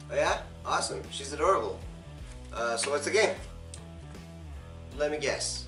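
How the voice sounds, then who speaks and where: A man's voice: fairly high pitch, animated, moderate pace, pauses often, bright, forceful tone, echoey room, far from the mic, faint music behind. A man acting in a comedy sketch in an easygoing, mild way. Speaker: sketch performer playing a parts store clerk.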